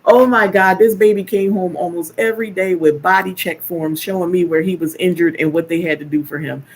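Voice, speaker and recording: An older woman hosting a casual live stream, chatting and telling animated stories with playful teasing. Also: on the low side, a little fast. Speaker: live stream host, caregiver. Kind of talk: casual chat.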